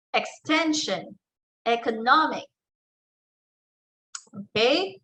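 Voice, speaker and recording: A woman's voice: on the high side, bright, forceful tone, rough recording. A woman teacher giving a lesson, carefully saying example words aloud one by one. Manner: careful, deliberate, models each example word aloud. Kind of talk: slow classroom lecture on word stress.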